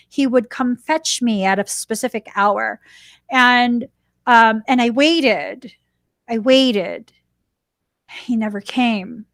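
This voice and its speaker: A woman hosting a podcast, talking through a personal story in a casual, animated way and slipping into little laughs. Her voice sits on the higher side. It is recorded close and dry, with no room sound. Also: no room sound. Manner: animated, chatty, laughs while telling. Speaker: podcast host.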